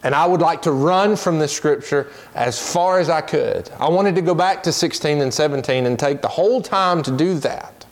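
Man, Sunday school teacher, earnest lesson delivery, slows down to stress points, reads scripture quickly. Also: fairly high pitch. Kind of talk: Bible lesson.

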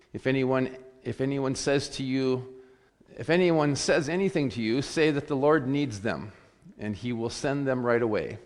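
A pastor leading worship, reading scripture and a prayer with a measured, deliberate cadence in a church sanctuary. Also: male voice, medium pitch. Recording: long reverb of a church sanctuary.

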